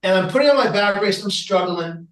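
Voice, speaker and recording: Speaking briskly, a fairly high-voiced man shares a personal story on a podcast, energetically voicing the people he quotes. He is far from the microphone, which gives his voice a distinct room echo.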